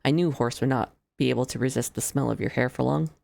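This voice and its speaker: A streamer reading the lines of a gently teasing young male friend from a game, in polite, formal speech. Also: medium pitch, quick pace, gravelly, dry recording. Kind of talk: reading game dialogue aloud.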